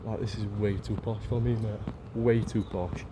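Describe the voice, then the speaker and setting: A man from Leeds with a Yorkshire accent gushes to a handheld camera in a casual travel vlog, repeating his phrases. His voice is lowish, with little pitch movement and a moderate pace. There's noise in the background.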